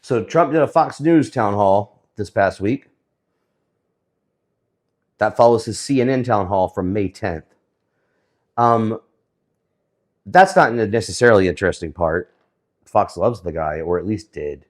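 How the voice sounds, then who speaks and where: A man giving casual, sarcastic commentary on the week's news, often pausing with fillers. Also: lowish voice, expressive. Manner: sarcastic, hesitant with many fillers.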